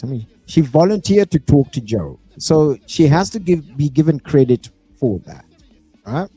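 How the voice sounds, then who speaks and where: A South African man doing live reaction commentary, animated and prone to bursting into shouts and whoops. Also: on the high side, normal speed, husky, dry recording, faint music behind. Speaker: reaction streamer.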